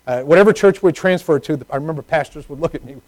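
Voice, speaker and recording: A middle-aged man preaching a sermon, moving from hushed personal stories to loud, emphatic preaching. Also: fairly high pitch, fast, dry recording, low-quality recording.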